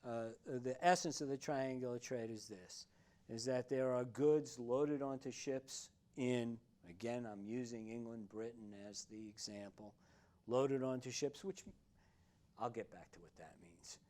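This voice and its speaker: Man, history lecturer, classroom lecture, mid-range pitch, halting, filler-heavy, emphatic on key words. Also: warm tone.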